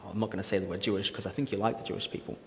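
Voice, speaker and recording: A man's voice: deep voice, fairly even intonation, racing, fairly bright tone. A man preaching a casual sermon in a church hall, chatty and jokey, quizzing the audience with questions. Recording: echoey hall with faint ambience.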